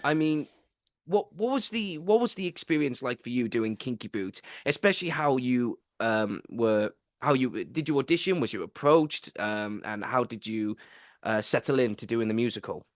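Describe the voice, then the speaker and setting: A man's voice: mid-range voice, animated, normal speed, dry recording. Enthusiastic man hosting, dry sound. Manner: enthusiastic, rambling questions. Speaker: podcast host. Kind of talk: casual interview chat.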